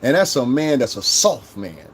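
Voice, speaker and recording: A man's voice: very animated, moderate pace, breathy edge. A man hosting a livestream, delivering a profane, combative rant and berating the people in his chat. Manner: profane, combative, mocks chat commenters in high mimicking voices. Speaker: livestream host.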